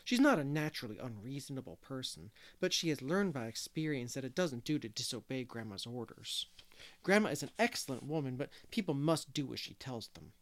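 A man's voice: medium pitch, very animated, fairly quick. A man voicing an eager, earnest little boy with old-fashioned, polite phrasing in a storybook reading.

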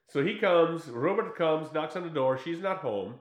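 A man casually retelling a film plot on a podcast, acting out the characters' lines in quick, animated bursts. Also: a little high, roomy sound. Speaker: podcast co-host.

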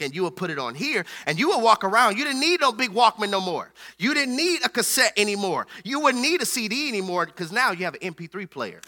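A man's voice: sits high, sharp tone. A man preaching a playful, joking sermon who calls out to his congregation. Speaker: pastor.

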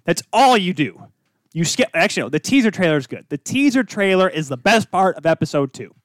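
Excitable young man, high lively voice. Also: no echo, studio quality. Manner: excitable, emotional, quick to raise his voice. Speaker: podcast co-host. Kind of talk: casual chat.

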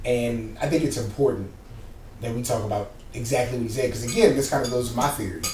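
A man chatting casually as he walks through a TV episode scene by scene, in a loose, slangy, animated way. His voice sits at an ordinary middle pitch. It is picked up from a bit away from the mic, in a roomy space with a faint hum behind him. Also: fast talker, recorded from a distance. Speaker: podcast co-host recapping a TV episode. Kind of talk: casual chat.

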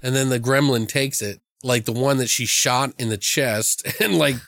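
Man co-host, loose profane movie chat, average pitch, dry mic. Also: fairly even intonation, normal speed, gravelly, fairly bright tone, no room sound. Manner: rambling, profane, retells scenes in funny voices. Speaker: podcast co-host. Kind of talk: casual movie review chat.

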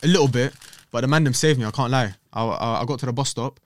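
A young man telling stories on a podcast, lively and animated, slipping into the voices of people in his stories. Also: medium pitch, quick pace, dry recording, studio quality. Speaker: podcast guest. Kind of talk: casual storytelling chat. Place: podcast studio.

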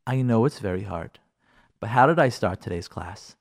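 A man's voice: lowish voice, animated, moderate pace, creaky. A man teaching a radio class as a rabbi, emphatic and repetitive, sprinkling in Hebrew and Yiddish terms. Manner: acts out listeners' imagined voices. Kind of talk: radio Torah class on marriage.

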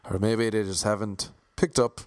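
A man's voice: fairly low pitch, fairly even intonation, normal speed, no room sound. A man vlogging casually as an aspiring actor, rambling and mocking himself. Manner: rambling, self-deprecating. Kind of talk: casual vlog monologue.

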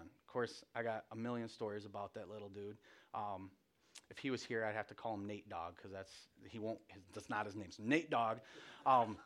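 A man preaching a relaxed, conversational sermon, telling family stories with lots of restarts and self-deprecating asides. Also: medium pitch.

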